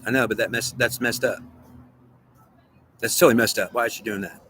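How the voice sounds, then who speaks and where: In this clip, a man vlogging alone argues both sides of an earnest, repetitive dispute with himself, using two voices. His mid-range voice is steady, a little fast and fairly bright, and there's a little hiss or hum on the recording.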